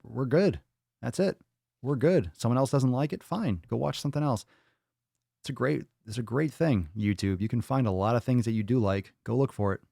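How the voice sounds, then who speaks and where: A man's voice: mid-range voice, moderate pace, gravelly, dark tone, dry recording, clean studio sound. A man hosting a live fitness Q&A stream, blunt and profane as he answers chat. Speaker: fitness podcast host.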